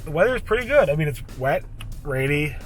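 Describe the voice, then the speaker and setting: A man's voice: on the high side, very animated, fast talker. Chatty man vlogging over music. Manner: chatty, filler-heavy, joking. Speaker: vlog host. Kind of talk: casual vlog talk and interview. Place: driving in a car, then indoors at an office.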